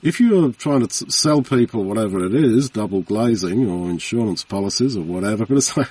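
A man's voice: on the low side, animated, brisk, few pauses, a little mellow, slightly rough. A man preaching a Bible teaching sermon in an earnest, conversational way, repeating phrases for emphasis. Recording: voice from far off the mic.

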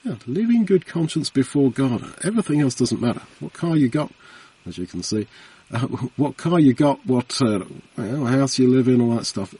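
A man's voice: medium pitch, animated, normal speed, dark tone, breathy edge. A man preaching a Bible teaching sermon in an earnest, conversational way, repeating phrases for emphasis. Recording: voice from far off the mic.

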